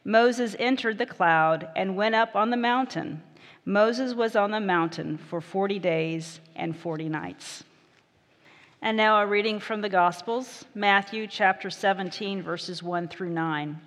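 A woman pastor reading scripture and preaching a sermon, in a measured, gentle way. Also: medium pitch, in a large hall.

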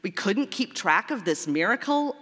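A frantic, distraught parent searching for a lost son, as a woman preacher acts it out. The pleading comes out a touch higher than her usual speaking voice. Long reverb rings around every word. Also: big pitch swings, normal speed, fairly bright tone.

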